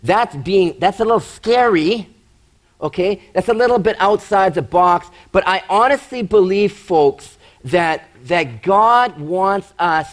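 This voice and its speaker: A male pastor preaching a sermon with emphatic rhetorical questions, acting out doubting voices. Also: high-pitched.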